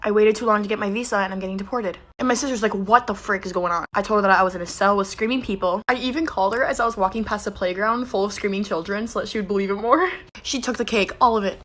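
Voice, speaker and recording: Fast-talking bright young woman telling a story. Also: medium pitch. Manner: fast, lively storytelling with acted-out quotes. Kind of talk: casual storytelling to a phone camera.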